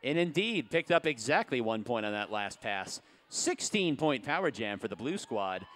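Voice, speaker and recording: A man in a mid range calls a roller derby bout live at an outdoor venue. His play-by-play is chatty and quick to joke, and he hypes up the fans between jams. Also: mid-range voice, very animated, a bit bright. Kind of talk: live sports commentary.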